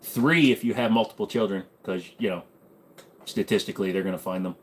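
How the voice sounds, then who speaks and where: A man's voice: lowish voice, fairly quick, slight background noise. Joking male streamer answering chat. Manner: joking, irreverent, answers chat while tinkering with gear. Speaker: host. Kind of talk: casual livestream Q&A chat. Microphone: desk microphone.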